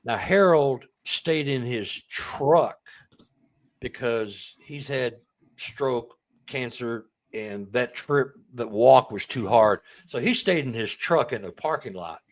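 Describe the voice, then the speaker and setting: A man's voice: mid-range voice, slow pace. Emotional man telling a personal story. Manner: emotional, excitable, repeats words when moved. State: close to tears. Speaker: author and guest. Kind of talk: conversational storytelling.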